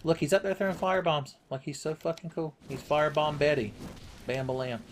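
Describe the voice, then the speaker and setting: A man's voice: on the high side, fairly even intonation, brisk, a little hiss or hum. A man commentating his video game play with crude, sarcastic jokes. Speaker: gaming channel host.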